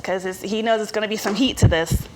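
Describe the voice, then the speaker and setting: A woman's voice: medium pitch, fairly even intonation, quick pace. A woman chef giving a cooking demonstration, explaining each step in a chatty, instructive way.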